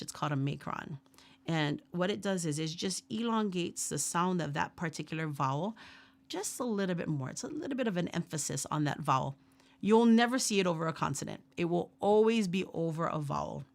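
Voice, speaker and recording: A woman leading a workshop, teaching Hawaiian pronunciation slowly and patiently with repeat-after-me drills. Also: lowish voice, a bit bright. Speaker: ukulele and Hawaiian language teacher.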